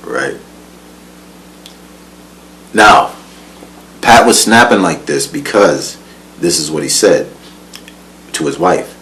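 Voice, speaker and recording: A man's voice: very deep voice, lively intonation, slow pace, pauses often, a bit bright, a little hiss or hum, rough recording. A man telling a life story in casual, profane slang, often laughing, repeating words and asking if you follow. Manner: profane, slangy, keeps asking "you know what I'm saying".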